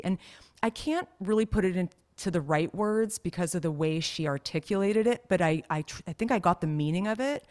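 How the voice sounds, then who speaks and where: This podcast co-host has a fairly low, slightly mellow voice and a brisk delivery. Her stories wander, full of fillers, in an easygoing chat.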